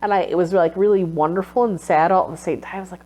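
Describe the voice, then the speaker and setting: A woman's voice: fairly low pitch, fairly even intonation, fast, hardly any pauses, warm tone. A woman recapping her research in a casual vlog, emotional and sniffling at times. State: teary, sniffling. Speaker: vlogger and textile researcher.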